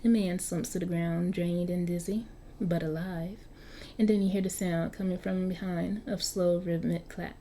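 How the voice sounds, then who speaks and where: A woman's voice: on the low side, steady tone, normal speed, mellow, a little hiss or hum. A woman reading an interactive story aloud, often stumbling and restarting over words, with chatty asides to her viewers. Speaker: story narrator.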